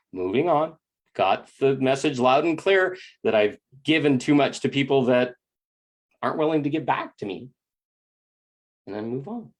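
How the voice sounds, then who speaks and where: A man giving a reflective spiritual self-help monologue, candid and emphatic, swearing freely and often repeating words as he thinks aloud. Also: fairly high pitch.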